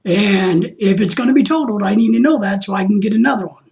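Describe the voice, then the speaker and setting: A man's voice: high voice, fast, gravelly, a little mellow. A man hosting a vlog, casually recounting an exasperating week with lots of reenacted phone calls. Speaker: vlog host.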